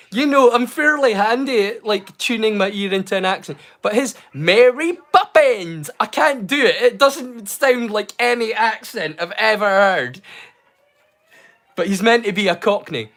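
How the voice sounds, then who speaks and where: A man hosting a casual livestream, talking in hesitant bursts full of fillers and restarts, with a mild stammer he keeps hidden. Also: high-pitched. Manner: excitable, animated bursts. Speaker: livestream host.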